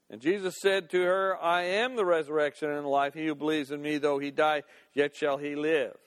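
An older man preaching as a pastor. He reads scripture aloud, then talks it over in a conversational way and acts out the scenes in different voices. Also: a little high. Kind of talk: sermon with scripture reading.

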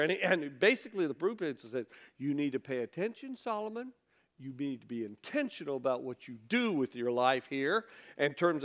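A man's voice: a little high, a bit bright. A man preaching a sermon in a conversational way, reading scripture aloud and asking his listeners rhetorical questions. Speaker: pastor.

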